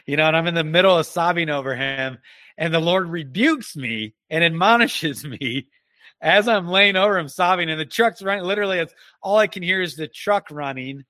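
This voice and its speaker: Bright, earnest man telling a testimony. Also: a little high, no room sound. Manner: earnest, halting, with frequent restarts. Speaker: guest telling a personal story. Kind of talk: emotional personal testimony.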